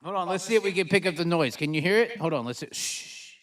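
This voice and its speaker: Rowdy high-voiced male live-stream host. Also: very fast. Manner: rowdy, joking and crude; excitable, with sudden outbursts. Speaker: livestream host. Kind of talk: casual live-stream chat.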